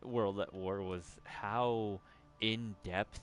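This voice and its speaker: A man's voice: lowish voice, fairly even intonation, extremely slow. A man giving casual, rambling commentary while playing a video game, with lots of fillers and restarts and the odd curse when he loses his train of thought. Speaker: gaming commentator.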